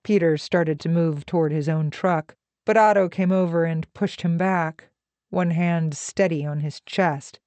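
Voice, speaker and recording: A woman narrating a novel in a slow, measured, even reading voice. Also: fairly low pitch, dry recording. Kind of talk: audiobook narration.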